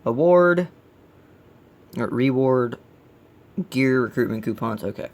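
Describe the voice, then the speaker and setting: A man with a gravelly voice hosting a casual let's play, giving blunt, grumbling critique as he plays. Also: medium pitch, measured pace. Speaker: gaming channel host.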